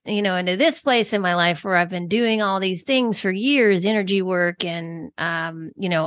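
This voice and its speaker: A woman's voice: lowish voice, fairly bright tone, no echo. A woman from Georgia hosting a casual interview, talking in a rambling way and often restarting her sentences. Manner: rambling, many fillers and restarts. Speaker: podcast host.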